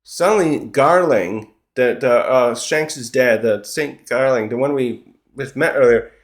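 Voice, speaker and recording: A man's voice: medium pitch, unhurried. Rambling, chuckling man recapping a comic. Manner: rambling, with frequent restarts and chuckles. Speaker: manga reviewer. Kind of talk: casual chapter recap.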